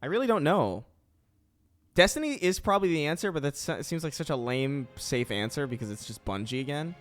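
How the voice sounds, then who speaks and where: A young man talks through his game on stream, his voice bouncing up and down. He thinks out loud and chats freely. Faint music sits behind him. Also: on the high side, very animated, a little fast. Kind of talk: casual chat while gaming on stream.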